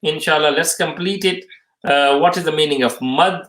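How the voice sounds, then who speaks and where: A man teaching a live tajweed lesson, reading out questions and explaining the answers haltingly, often restating each term twice. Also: on the high side, a bit bright. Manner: halting, many fillers, restates terms twice. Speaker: Quran recitation teacher. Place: mosque or Islamic centre room. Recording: roomy echo.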